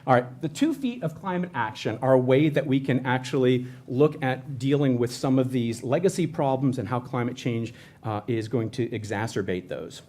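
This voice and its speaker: A man's voice: medium pitch, moderate pace, a little mellow. A man presenting for a state environmental agency, talking in a conversational way with frequent restarts and self-corrections. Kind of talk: educational presentation.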